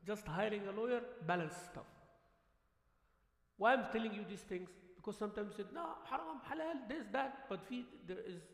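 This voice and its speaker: A man giving a conversational sermon as imam, animated, acting out the voices of the people in his stories and dropping in Arabic words. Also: high-pitched, brisk. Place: mosque prayer hall. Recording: echoey hall livestream.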